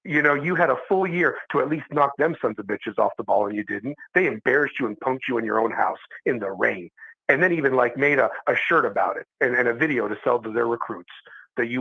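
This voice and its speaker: A man's voice: medium pitch, lively intonation, fast, slightly rough, lo-fi sound. A man co-hosting a live sports talk show, ranting hard about his team, swearing a lot and stumbling over repeated words as he trash-talks. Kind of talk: heated fan rant on a live show.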